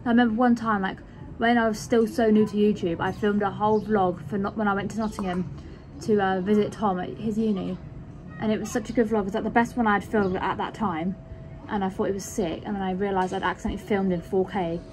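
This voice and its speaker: Casting: young woman vlogger, mid-pitched and chatty, rambling with lots of fillers, faint background hum. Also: steady tone, a little fast, a little mellow. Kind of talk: casual vlog chat.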